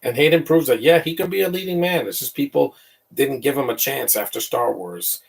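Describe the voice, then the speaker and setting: Husky man rambling through a movie. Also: mid-range voice, brisk, distant mic. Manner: rambling, opinionated, stumbles on repeated words. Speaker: movie commentator. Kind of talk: casual live film commentary.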